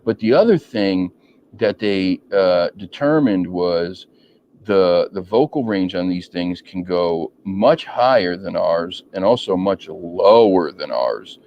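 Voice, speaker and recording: Low, slow-talking man hosting a chat. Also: lively intonation. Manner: rambling, many ums and restarts. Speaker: podcast host. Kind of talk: casual interview chat. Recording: dull lo-fi audio with faint noise.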